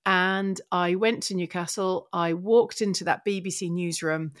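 A middle-aged woman from England, a podcast guest telling her career story in a lively, earnest way with many restarts. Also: lowish voice, unhurried, dry recording, clean studio sound. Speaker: guest, broadcaster and child therapist. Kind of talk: personal storytelling in a podcast conversation.

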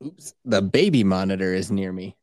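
A man's voice: deep voice, moderate pace, a little mellow, no room sound, clean studio sound. A man hosting a podcast, joking in a boisterous, crude, casual way. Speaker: podcast host. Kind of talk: casual comedic chat.

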